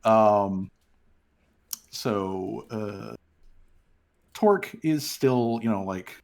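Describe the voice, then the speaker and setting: A man's voice: lowish voice, lively intonation, very slow, a little mellow. A man narrating as game master of a tabletop game, laid-back and full of fillers.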